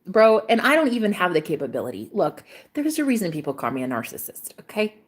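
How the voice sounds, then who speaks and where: A woman's voice: on the low side, very animated, fast talker, slightly rough. A young woman talks straight to her livestream viewers in a casual, confessional way. She is blunt and swears freely, and her voice gets emotional as she speaks. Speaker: livestream host.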